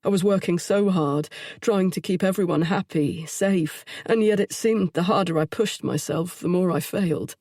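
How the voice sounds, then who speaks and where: A woman voicing a troubled young man in an audiobook, speaking softly and haltingly as he confesses. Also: fairly low pitch, no echo, clean studio sound. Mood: remorseful. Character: troubled young adult man, weary and remorseful.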